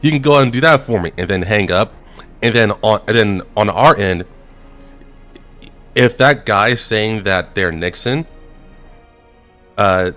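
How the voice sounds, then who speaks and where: A man's voice: low voice, a bit bright. A gaming streamer casually telling a work anecdote, laid-back and chuckling as he goes.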